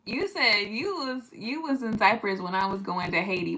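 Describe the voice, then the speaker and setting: Bright-voiced woman in her 30s, chatting on a livestream, reading out comments and laughing a lot. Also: medium pitch, normal speed, rough recording. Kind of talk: casual live-stream chat. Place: at home, tidying up.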